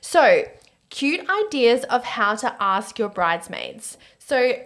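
A woman's voice: a little high, lively intonation, slow pace, fairly bright tone. A woman with an Australian accent hosting a wedding podcast in casual chat, talking freely with lots of fillers and frequent laughter. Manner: chatty, laughs often, many 'like' fillers.

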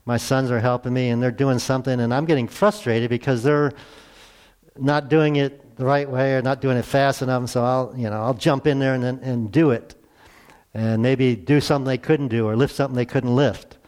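A middle-aged man preaching a sermon to his congregation, conversational and earnest, asking rhetorical questions and swinging between hushed asides and emphatic raised lines. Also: mid-range voice, fairly even intonation, normal speed. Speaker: pastor.

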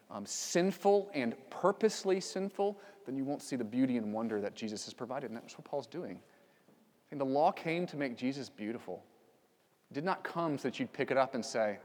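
A man's voice: medium pitch, darkish tone, big-room sound. A man preaching a sermon as pastor, conversational with frequent fillers and sudden emphatic outbursts. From United States. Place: church sanctuary.

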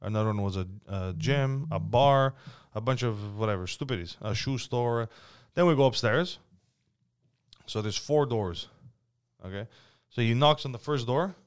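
A man, a podcast host who works as a property manager, telling a profane, animated anecdote in casual chat. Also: mid-range voice, normal speed, clean tone.

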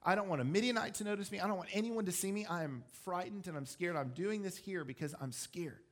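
A man's voice: high voice, quick pace, close to an everyday voice. A preacher's take on a scared, doubting young man.

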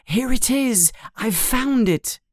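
A man's voice: very high-pitched, takes it slowly, no room sound, clean studio sound, pitched above the performer's own voice, exaggerated voice. A man reading a storybook aloud, voicing a young schoolboy wizard in an eager, earnest way. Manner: excited, earnest.

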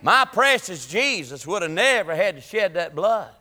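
An impassioned preacher, a man with a very high, sharply bright voice. He drives his sermon in a rolling cadence and climbs into shouts. His words ring through the long reverb of a church hall. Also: big pitch swings, normal speed. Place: church sanctuary.

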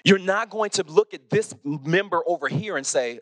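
A man preaching a sermon as pastor, animated, often restarting and asking "okay?". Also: on the high side, moderate pace, hardly any pauses, dry recording. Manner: animated, repeats words, asks "okay?" often.

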